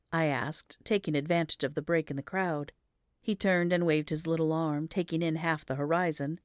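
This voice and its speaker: A woman reads an audiobook in a low, steady voice. Her storytelling is measured and even, and the recording is dry and close with no room sound. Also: smooth, no echo. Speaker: audiobook reader. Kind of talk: audiobook narration.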